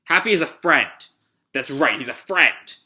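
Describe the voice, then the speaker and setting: A man's voice: mid-range voice, lively intonation, normal speed, sharp tone. A man voicing a fierce young woman standing up for her pet, read in his own voice. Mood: defiant.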